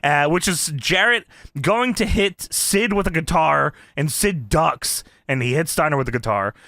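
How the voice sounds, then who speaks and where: A man co-hosting a casual podcast, animated and profane, laughing often. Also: fairly high pitch, normal speed, vocal fry, dry recording, studio quality. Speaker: podcast co-host.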